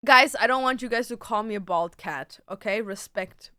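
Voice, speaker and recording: Chatty woman streamer, smooth dry voice. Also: mid-range voice, moderate pace, sharp tone, dry recording. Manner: chatty, swears casually, reads viewer questions aloud. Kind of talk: casual live-stream chat. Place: at home with a cat on her lap.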